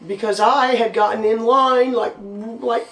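A hoarse woman on a podcast, telling lively, laughing convention stories. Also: on the high side, unhurried, reverberant, distant mic, poor audio. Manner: animated, laughing storyteller. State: hoarse from losing her voice. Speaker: podcast co-host. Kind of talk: casual convention recap chat.

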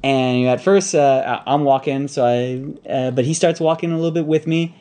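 Laid-back cosplayer, mid-pitched voice, kinda halting, lotta uhs. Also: mellow. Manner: halting, lots of fillers and restarts, easygoing. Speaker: cosplayer guest. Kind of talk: casual interview chat.

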